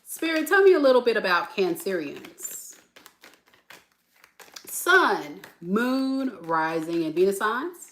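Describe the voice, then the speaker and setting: A woman doing a casual tarot reading for viewers, chatty and animated, calling them "y'all.". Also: mid-range voice, slow pace. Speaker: tarot reader.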